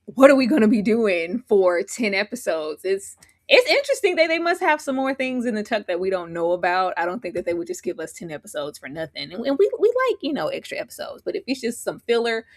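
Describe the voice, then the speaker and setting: Animated, opinionated woman panelist. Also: medium pitch, a little fast. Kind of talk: casual live panel discussion.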